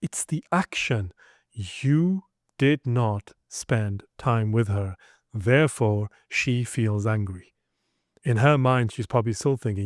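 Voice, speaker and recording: A relationship coach with a mid-range voice speaks slowly in a dry, close recording with no echo. In this instructional monologue he lectures listeners bluntly, direct and emphatic, acting out examples.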